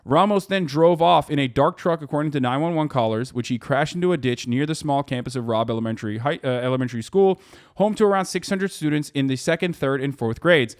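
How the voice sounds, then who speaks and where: A man's voice: on the high side, brisk, no room sound, clean studio sound. A man in his thirties streaming political commentary, swearing often and turning heated as he reads news aloud. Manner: profane, heated, voice rising sharply when angry.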